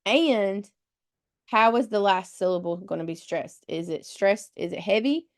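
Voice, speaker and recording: A woman's voice: medium pitch, unhurried. A woman leading a test-prep webinar, patiently explaining rules step by step and spelling words out letter by letter. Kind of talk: live webinar teaching.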